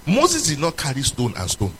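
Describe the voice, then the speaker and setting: Preacher, lively swooping delivery. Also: male voice, normal speed, slightly rough, rough recording. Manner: animated preaching, swinging between loud emphatic questions and low, quiet passages. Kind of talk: sermon.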